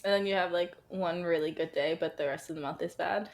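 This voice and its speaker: A woman's voice: lowish voice, a little fast. Candid, rambling woman in her twenties. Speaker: podcast co-host. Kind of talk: casual chat. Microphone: remote call.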